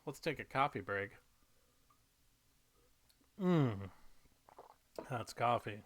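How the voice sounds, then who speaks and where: A man writing comedy and thinking aloud, halting and muttering to himself, now and then slipping into silly voices. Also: mid-range voice, a bit bright. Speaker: comedy writer.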